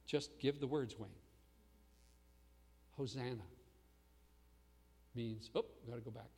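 A man preaching a sermon as pastor, swinging between loud proclamation and hushed asides. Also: mid-range voice, unhurried, pauses often, big-room sound.

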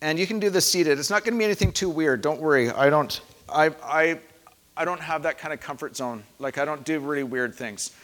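A man preaching a sermon in a church, calm and reflective, dropping soft and then leading the congregation in loud shouted responses. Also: on the high side, fairly quick. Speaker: pastor. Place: church sanctuary. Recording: echoey hall.

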